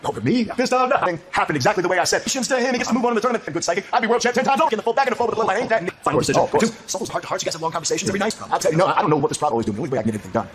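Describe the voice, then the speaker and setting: A man's voice: high voice, lively intonation, rapid-fire, few pauses, crowd noise. A man talking boastfully in a wrestling promo.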